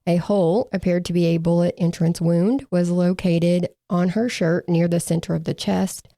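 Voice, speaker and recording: A woman's voice: fairly low pitch, fairly even intonation, normal speed, mellow, dry recording. A woman co-hosting a true crime podcast, reading from case reports with dry, sarcastic asides.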